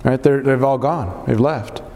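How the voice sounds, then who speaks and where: A man's voice: medium pitch, unhurried, darkish tone, in a large hall, a little hiss or hum. A man leading a Bible study group, teaching earnestly and putting questions to the group.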